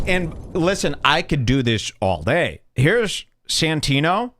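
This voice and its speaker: A man's voice: fairly high pitch, very animated, slow pace, noisy background. A man hosting a podcast, commenting on clips in a sarcastic, indignant manner. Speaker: podcast host. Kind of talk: commentary over played clips.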